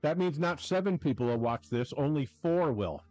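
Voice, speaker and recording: Lively, wry man in a dry room. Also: fairly high pitch, normal speed, no echo, soft background music, low-quality recording. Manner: wry, joking, swearing. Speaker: producer and co-host. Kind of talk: casual chat on a live stream.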